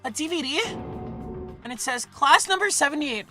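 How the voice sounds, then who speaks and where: A woman's voice: high voice, lively intonation, moderate pace, sharp tone, soft background music. A woman reading the lines of an earnest, ordinary teenage boy student, asking and explaining with sincerity. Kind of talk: dramatic reading of game dialogue.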